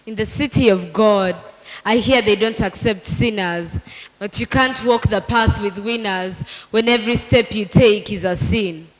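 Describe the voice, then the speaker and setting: A woman's voice: mid-range voice, measured pace. A teenage girl performing a dramatic spoken word poem at a live competition. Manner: dramatic, shifting between hushed lines and shouted lines. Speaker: student poet. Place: large hall at a live competition. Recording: roomy hall with echo and faint music.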